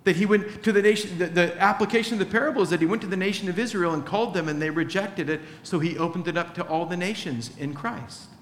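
A man's voice: sits high, quick pace, hardly any pauses. A male pastor preaching a conversational sermon, acting out short dialogues in different voices. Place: large church hall. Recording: echoey hall, faint ambience.

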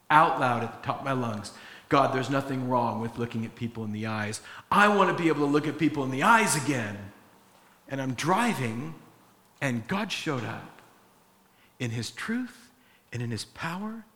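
A man's voice: mid-range voice, bright, forceful tone, reverberant, big-room sound, a little hiss or hum. A middle-aged pastor preaching a sermon in an earnest, conversational way, acting out the quotes he tells.

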